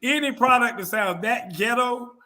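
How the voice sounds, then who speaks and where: A man with a high, bright voice rants bluntly through casual sports talk. He curses freely, and he slips into mocking voices for the people he quotes. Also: normal speed. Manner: blunt, profane, ranting; mimics others in quoted asides. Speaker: show host.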